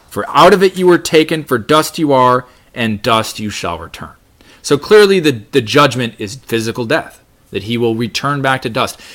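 A man teaches a Bible lesson in a plain, mid-pitched voice. He reads scripture aloud and explains it, with frequent restarts and fillers along the way. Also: fairly bright tone.

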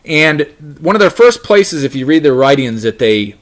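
A man's voice: fairly high pitch, big pitch swings, moderate pace. A man teaching a Bible study lesson, reading scripture aloud and talking it through with many restarts. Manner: reads scripture aloud, frequent restarts and fillers.

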